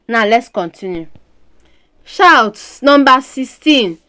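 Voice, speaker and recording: A woman with a background teaching a language lesson, repeating each word several times in a deliberate drill. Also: on the high side, expressive, pushed and bright, smooth.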